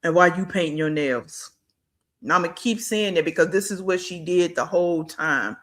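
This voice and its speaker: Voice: mid-range voice, moderate pace, a bit bright. A reaction channel host giving blunt, scolding commentary and talking back at a clip.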